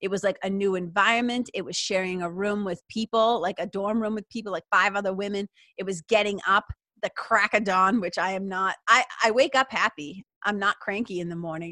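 A woman's voice: medium pitch, pushed and bright, no room sound. A middle-aged woman hosting a casual spiritual talk show, chatty and upbeat. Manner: chatty and upbeat, peppered with "like" and laughs. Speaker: podcast host.

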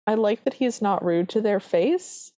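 Her mid-range voice moves a little slowly as she co-hosts a podcast. She gives a lively, casual recap of a film, performing its lines and quoting the characters in a lightly changed voice.

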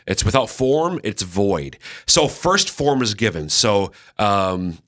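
A male host explaining scripture on a talk show, his fairly low voice cutting through with a bright, forceful edge. He talks things through as he goes, restarting phrases and then slowing on the words that matter. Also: sing-song. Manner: thoughtful, many restarts, slows down to stress points. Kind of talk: conversational Bible teaching on a radio show.

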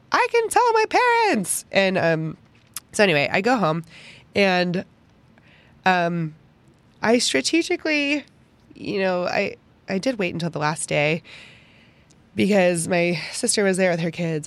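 A woman's voice: fairly low pitch, no room sound. Chatty woman podcaster telling a story. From Pittsburgh, United States. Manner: animated, chatty, packed with "like" fillers. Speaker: podcast host. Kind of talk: casual personal storytelling.

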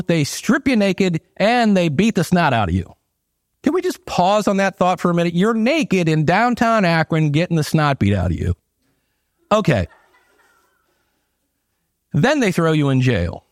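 A man's voice: a little high, no echo, clean studio sound. A man preaching a sermon in a church, telling stories with jokes and acting out quotes. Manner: animated, joking storyteller acting out quotes. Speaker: pastor.

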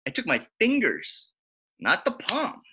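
A man in casual conversation, telling animated stories and acting out what others said. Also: measured pace, gravelly, slightly rough. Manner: animated, acts out quotes with big pitch jumps. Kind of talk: casual storytelling chat.

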